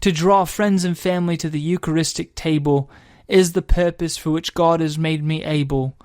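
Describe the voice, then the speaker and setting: Man doing a British accent, poem recital, slow and measured, higher voice. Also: steady tone, a little mellow, no echo, clean studio sound, natural voice. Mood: solemn. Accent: put-on British.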